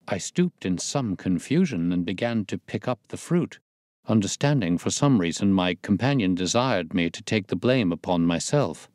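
A man narrating a classic detective story in a measured storytelling manner. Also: sits low, expressive, darkish tone, dry recording, studio quality. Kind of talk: scripted narration.

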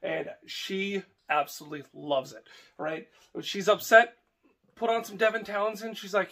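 A man's voice: high-pitched, fairly even intonation, moderate pace, pushed and bright. Rambling young man vlogging casually. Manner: rambling and affectionate, with many fillers and restarts. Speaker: homestead vlogger. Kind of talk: casual vlog chat.

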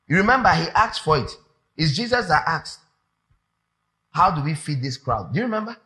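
A man preaching a sermon, animated and emphatic, repeating phrases for effect. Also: fairly high pitch, fairly quick.

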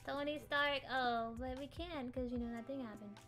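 A woman's voice: high-pitched, normal speed, a bit bright, faint music behind. A woman streaming a game, chatting playfully and giggling with her co-player. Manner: giggly, playful, shrieks when startled. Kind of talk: casual gaming stream chat.

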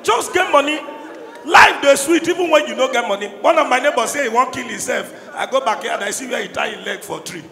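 A man doing stand-up in Nigerian Pidgin, his voice pitched high and rough with fry. He shouts his punchlines across a large, reverberant hall. A crowd laughs and cheers behind him. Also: fast talker. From Anambra State, Nigeria. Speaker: stand-up comedian. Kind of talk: stand-up comedy. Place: live comedy show in a large hall. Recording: echoey hall, crowd noise.

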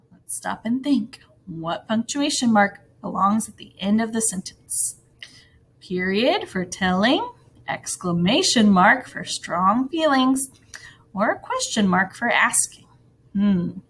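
A woman teaching a recorded grammar lesson to first graders, in a sing-song teacher voice with playful jumps in pitch. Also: animated, unhurried, a bit bright, a little hiss or hum.

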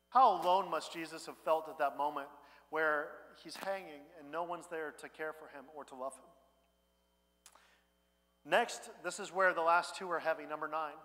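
Man, pastor, high voice, relaxed conversational sermon, quiet then loud, long church reverb. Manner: conversational preaching, swings between hushed and loud.

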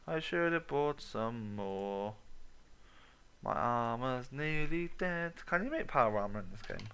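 A man's voice: medium pitch, expressive, unhurried, fairly bright tone, clear, resonant tone. A young man giving a let's play commentary, muttering, humming and swearing freely to himself as he plays. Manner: swears often, mutters and hums to himself while playing. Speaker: gaming commentator.

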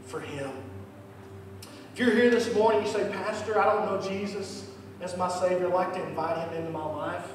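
A male pastor with a high voice gives an impassioned altar call, his voice climbing to near-shouts before it falls to a soft, hushed prayer. He sounds far from the mic in a big church sanctuary, with a long, echoing reverb and clear noise in the room. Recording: echoey church hall from far off, noisy.

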